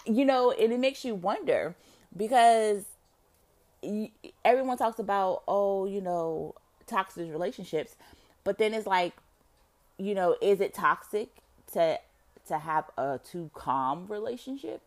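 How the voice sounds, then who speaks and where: A woman musing aloud to her viewers in a casual monologue, rambling with many fillers and swearing freely. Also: a little slow. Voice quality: expressive, swings between low murmur and loud outbursts. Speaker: vlogger.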